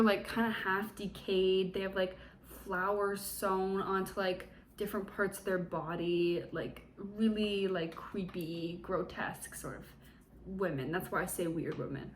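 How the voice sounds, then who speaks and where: A woman's voice: medium pitch, a little hiss or hum. Chatty, sarcastic young woman reviewer. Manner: chatty, sarcastic, full of fillers. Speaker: book reviewer. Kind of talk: casual book recap vlog.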